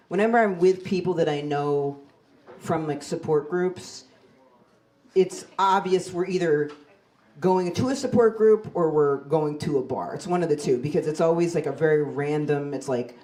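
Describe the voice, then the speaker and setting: Woman in her 40s, stand-up comic, low-ish voice, wry and self-deprecating delivery, club stage on a handheld mic. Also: darkish tone. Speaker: stand-up comedian. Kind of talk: stand-up comedy set.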